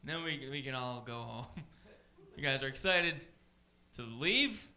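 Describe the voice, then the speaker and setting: Bright, lively male comic greeting the crowd. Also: medium pitch, a little slow. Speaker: stand-up comedian. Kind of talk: stand-up comedy opening. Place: comedy club stage.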